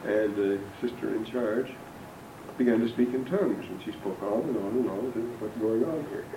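A man's voice: fairly low pitch, moderate pace. Older man, religion lecturer, anecdotal, dry humor, distant mic, hissy background. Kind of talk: classroom lecture on scripture. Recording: roomy distant lecture recording with background noise.

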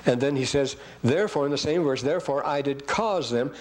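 A man's voice: mid-range voice, a little fast, a little mellow, low-quality recording. A man teaching a scripture class who reads verses aloud and keeps breaking off to comment and question the class. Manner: rambling, asks the class questions.

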